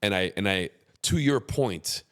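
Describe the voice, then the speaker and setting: A man hosting a casual interview, speaking earnestly and reflectively at a measured pace. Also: on the low side, animated, a bit bright. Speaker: host.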